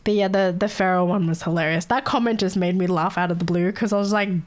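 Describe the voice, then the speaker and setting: A woman's voice: on the low side, fairly even intonation, fast talker, soft background music. A young woman streaming live, chatting casually with her viewers, chatty and giggly and swearing freely.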